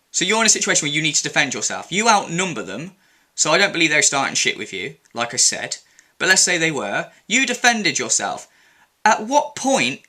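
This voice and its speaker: A man's voice: on the high side, bright, forceful tone. Indignant, sweary young man. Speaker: commentary vlogger. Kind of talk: angry opinion rant.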